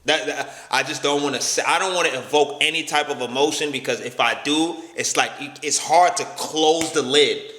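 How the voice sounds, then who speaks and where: Bright-voiced young man telling a story. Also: on the high side, moderate pace. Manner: slangy, stammering, acts out quoted voices. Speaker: storytime vlogger. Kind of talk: casual storytelling. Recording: echoey room with long reverb.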